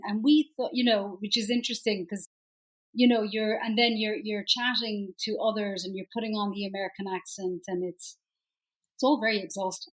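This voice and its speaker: Lively chatty Irish woman. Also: medium pitch, moderate pace, rough recording. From Ireland. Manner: lively, chatty, laughs easily. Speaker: actress, guest. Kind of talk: casual interview chat.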